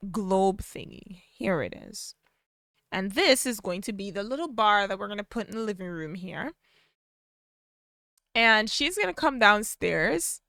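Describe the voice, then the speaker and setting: A woman's voice: mid-range voice, bright, forceful tone, smooth, no room sound, clean studio sound. A woman in casual gameplay commentary, chatty and sassy, acting out the characters' voices. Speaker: gameplay narrator.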